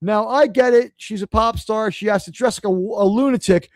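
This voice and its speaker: A high-voiced New York City man hosts a live stream, ranting casually at a moderate pace in a profane, sarcastic, rambling way. The recording is dry.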